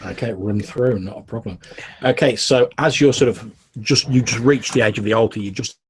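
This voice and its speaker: A man's voice: lowish voice, fairly quick, a little hiss or hum. A young man narrating a tabletop game as game master, casual and full of fillers.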